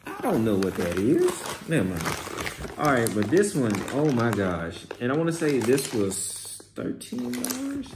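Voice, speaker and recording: A man casually reviewing a shopping haul, excitable and exclaiming as he reads out labels. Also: medium pitch, a little slow, creaky. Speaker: vlogger. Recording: echoey room with faint noise.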